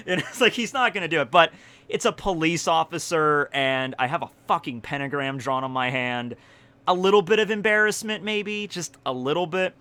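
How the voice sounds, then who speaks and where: Excitable young man telling stories. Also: on the high side, normal speed. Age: 20s. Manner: excitable, swears often, laughs through the story. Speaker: YouTuber. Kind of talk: casual storytelling vlog.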